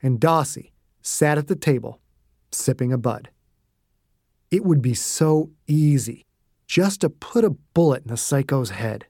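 A man reading his own thriller aloud in a steady, gritty narration. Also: mid-range voice, unhurried, dry recording, clean studio sound. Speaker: author and narrator. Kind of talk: scripted audiobook narration.

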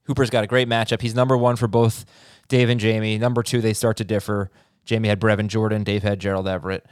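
A man's voice: fairly low pitch, level tone, fast talker, no echo, studio quality. A man hosting a sports podcast, steering the talk and handing off topics with light jokes. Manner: leads the talk, joking and direct. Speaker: podcast host.

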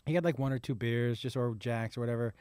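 A man's voice: mid-range voice, fast talker, clear, resonant tone, no echo, studio quality. A man who is a comedian guest on a podcast, telling stories in casual chat and swearing freely. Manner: animated storyteller, swears freely.

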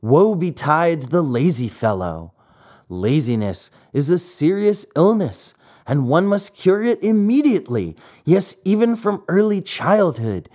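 A man voicing a gentle but firm motherly fairy in an audiobook, speaking in a soft, calm, instructive way. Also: a little high, measured pace, pitched above the performer's own voice. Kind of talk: audiobook character reading.

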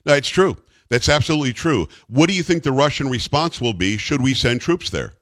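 A man's voice: mid-range voice, lively intonation, fairly quick, no echo. Talk radio host man, dry and upfront. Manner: emphatic and repetitive, bantering.

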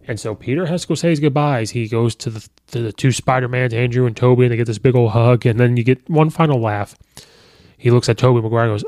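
A man hosting a podcast, talking casually through a film review and retelling scenes with quick quoted lines. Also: medium pitch, a little mellow, dry recording, studio quality.

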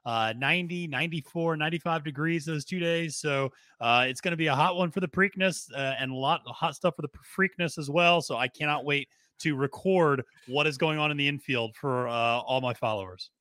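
A man's voice: fairly high pitch, fairly quick, hardly any pauses, bright, forceful tone, no echo, clean studio sound. A man appearing as a guest on a horse racing podcast, talking in an easygoing, casual way with lots of fillers. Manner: easygoing, filler-heavy talk.

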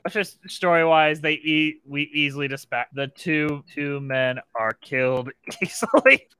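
A man hosting a podcast and narrating an AI-generated story game, quick and animated, often laughing. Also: on the high side, clean tone, dry recording. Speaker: game master and podcast host.

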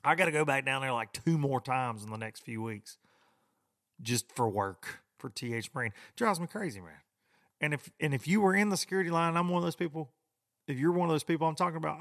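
A man's voice: on the high side, lively intonation, fast, fairly bright tone. A middle-aged man, rambling and grumbling in a casual, folksy podcast monologue. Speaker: podcast host.

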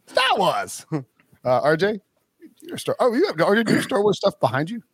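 A man hosting a sports podcast, talking in a loose, rambling way full of fillers and restarts and chuckling often. His voice sits fairly high for a man. The sound is dry and close, with no room around it. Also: very animated, brisk, slightly rough, no echo. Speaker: podcast host. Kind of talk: casual sports podcast chat.

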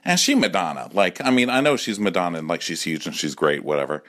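This is a drunk man in his forties going off on a campy, sassy rant. His voice sits fairly low, but it leaps around constantly as he drops into mock voices for other people. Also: animated, fast, a bit bright. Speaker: caller leaving a voice message. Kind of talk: comic rant.

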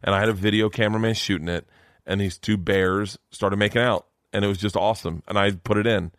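A man's voice: lowish voice, fairly even intonation, fairly quick, fairly bright tone, no echo, studio quality. A middle-aged man, a comedian guest, telling rambling, profane stories in casual podcast chat. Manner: rambling storyteller, swears freely.

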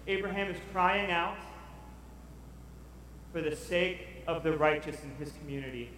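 A man preaching a lively sermon to a congregation, acting out the voices of Bible figures as he goes. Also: sits high, moderate pace, slight background noise. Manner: animated, acts out Bible figures. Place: large church hall. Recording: echoey hall recorded from far off.

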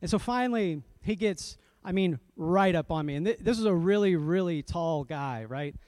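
A man's voice: sits high, lively intonation, moderate pace, darkish tone, no room sound. A man serving as a pastor, telling a self-deprecating story in a sermon and laughing often as he goes.

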